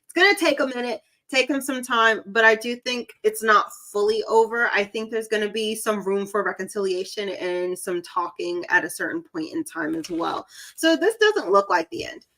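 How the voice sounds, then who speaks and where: Bright, giggly Southern woman. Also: mid-range voice, lively intonation, normal speed, poor audio. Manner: chatty, giggly, self-deprecating. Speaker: psychic reader. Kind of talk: live stream tarot reading.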